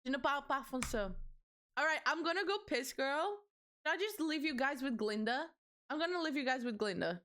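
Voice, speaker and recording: In a high, bright, forceful voice that's animated and a little fast, a young adult woman chats casually with her livestream viewers. She's giggly and bubbly and swears freely.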